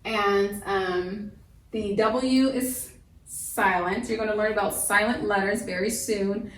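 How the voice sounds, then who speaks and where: A woman's voice: mid-range voice, steady tone, slow pace, echoey room, slight background noise. A woman teaching a homeschool vocabulary lesson, who sounds out syllables patiently and gives encouraging examples.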